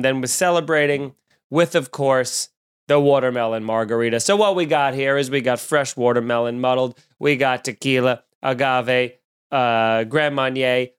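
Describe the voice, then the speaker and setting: A man with a Long Island accent hosts a casual comedy podcast in a clear, resonant, mid-range voice. He rambles and jokes, frequently correcting himself.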